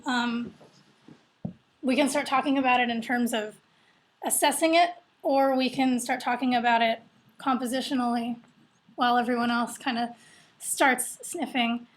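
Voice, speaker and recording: A woman hosting a live online wine tasting, guiding the talk and speaking directly to the viewers at home. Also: sits high. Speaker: tasting host.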